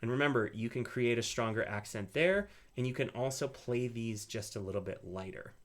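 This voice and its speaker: In casual instructional talk, a man teaches ukulele rhythm at a normal speed in a mid-range voice. He stays relaxed and explanatory, strumming between phrases and frequently asking "right?"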